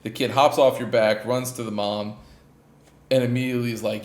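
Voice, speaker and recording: Recapping a game on his podcast, this host speaks in a mid-range voice that is slightly fast and a little mellow, with fairly even intonation. His casual delivery wanders, packed with fillers and restarts, in an echoey, roomy space.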